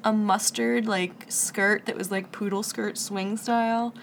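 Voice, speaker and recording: A young woman with a gravelly, fry-touched voice chatting on a podcast. She gushes with enthusiasm, and a faint hiss of noise sits under her voice. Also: mid-range voice, fairly even intonation, unhurried. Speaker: podcast co-host. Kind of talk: casual chat.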